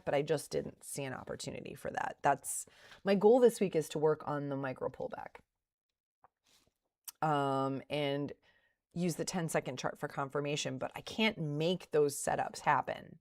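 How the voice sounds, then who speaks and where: A woman's voice: low-pitched, normal speed, a little mellow. A middle-aged woman streaming her day trading, thinking aloud in a casual, self-deprecating way as she reviews her trades at a home desk. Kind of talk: casual livestream commentary.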